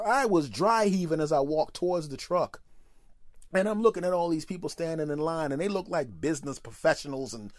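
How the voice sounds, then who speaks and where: A man hosting a podcast, telling a story as a comedic monologue, animated and profane, acting out the people in his stories. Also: on the high side, fairly quick, no room sound, studio quality. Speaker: podcast host.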